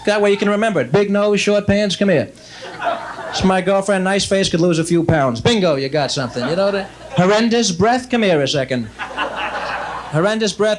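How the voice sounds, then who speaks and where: A young man doing a stand-up routine on stage, chatty, with quick asides and frequent self-interruptions. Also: high voice, background noise. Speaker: stand-up comedian. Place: stage before a laughing audience.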